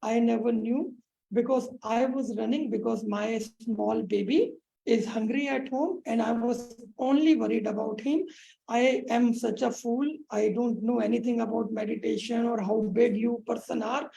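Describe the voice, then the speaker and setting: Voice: medium pitch, steady tone, normal speed, gravelly, warm tone, low-quality recording. A woman telling a teaching story who voices a humble young village mother, pleading and apologetic.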